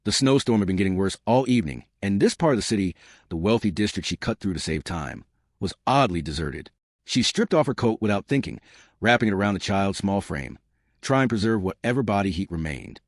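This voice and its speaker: A man narrating a dramatic story in a scripted, expressive way. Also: on the low side, fairly quick, dry recording, studio quality.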